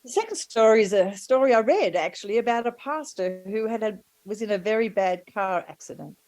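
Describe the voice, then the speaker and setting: A woman preaching a sermon and telling stories gently, with warm asides to the congregation. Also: mid-range voice, animated, a little fast, dry recording, poor audio.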